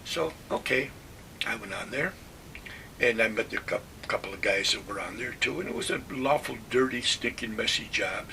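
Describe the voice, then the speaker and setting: A man in his nineties from Western New York telling his army stories in a plainspoken, animated way. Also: fairly low pitch, moderate pace, vocal fry, far from the mic, a little hiss or hum. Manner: plainspoken, animated retelling with acted-out quotes. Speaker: WWII veteran telling war stories. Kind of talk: oral history storytelling.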